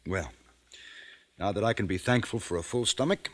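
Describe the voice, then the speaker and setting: An actor playing a stern, teasing middle-aged father in a 1950s radio drama, measured and firm. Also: on the low side, fairly bright tone. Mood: fond.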